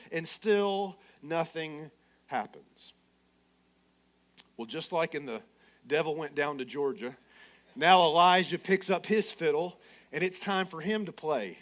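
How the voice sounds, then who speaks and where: A man with a high, bright-sitting voice delivers a lively sermon. He swings between loud, punchy bursts and quieter asides, teasing and joking as he preaches. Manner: animated, playful preaching with sarcastic asides. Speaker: pastor.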